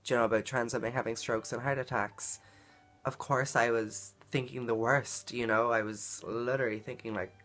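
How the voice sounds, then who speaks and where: A woman's voice: rumbling low, steady tone, normal speed, a bit bright, soft background music. A woman vlogging a personal story in a casual, earnest way, full of "like" and "um" fillers. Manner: chatty, filler-heavy, frequent "like" and "um"; earnest and emotional in retelling.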